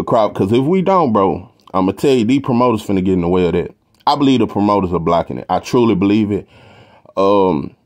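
A man's voice: fairly low pitch, darkish tone. A man with a Texan accent hosting a boxing talk show, rambling and emphatic, with plenty of slang and profanity. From Texas. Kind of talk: casual opinionated boxing commentary.

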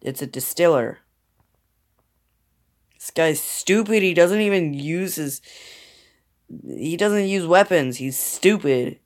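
A fairly high-pitched, expressive man plays a mobile game and talks slowly, pausing often as he mutters into the phone's mic. Sounding tired, he grumbles about his opponents under his breath.

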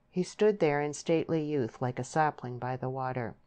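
A woman reading a novel aloud as an audiobook narrator, in a measured, literary way. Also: a bass voice, mellow. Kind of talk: scripted narration.

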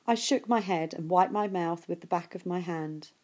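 Woman reading a kids book out loud, warm mellow voice, steady and unhurried. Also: lowish voice. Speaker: reader. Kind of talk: reading a novel aloud.

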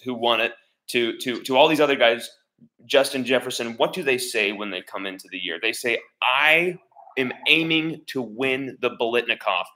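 A man's voice: mid-range voice, sharp tone, low-quality recording. A man hosting an interview, talking in an encouraging, enthusiastic and reassuring way. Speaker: interview host.

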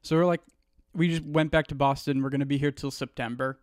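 Smooth-voiced male podcast guest. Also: fairly high pitch, fairly quick, no echo, studio quality. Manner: relaxed, brief agreeing replies. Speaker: guest comedian. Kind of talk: casual podcast chat.

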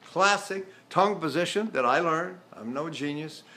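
A man's voice: a little high, expressive, moderate pace, bright, forceful tone. A man in his seventies teaching vocal technique, explaining through examples and questions. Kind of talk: vocal technique lesson with sung demonstrations.

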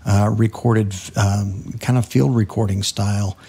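A man hosting a music podcast, talking casually about composing his own songs, halting with many fillers and restarts. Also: lowish voice, fairly even intonation, dark tone, slightly rough.

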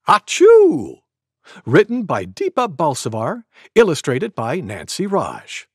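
A man reading a children's storybook aloud in an expressive, animated way. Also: a little high, slightly rough, no room sound, studio quality. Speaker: narrator.

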